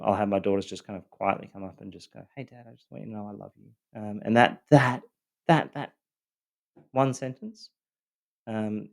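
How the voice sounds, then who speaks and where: A man with a fairly low, darkish voice hosts a podcast, recounting his own life story in a loosely scripted monologue. He speaks earnestly but haltingly, with frequent fillers, restarts and repeated words.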